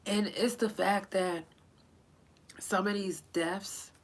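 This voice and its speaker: A woman hosting a solo podcast, speaking in a halting, tearful way and pausing often to collect herself, with speech. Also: medium pitch, fairly even intonation. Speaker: podcast host. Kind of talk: emotional solo podcast remembrance.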